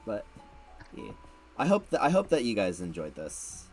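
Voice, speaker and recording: A man's voice: lowish voice, wildly swooping pitch, normal speed, soft background music. A man hosting a casual late-night stream chat, rambling and repeating words, laughing often. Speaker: streamer host.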